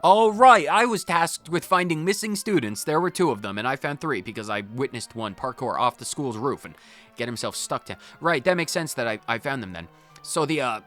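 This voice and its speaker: A man's voice: mid-range voice, lively intonation, normal speed, a bit bright, faint music behind. A man, a gaming channel host, reading game dialogue aloud in a playful, theatrical way with stumbles and asides.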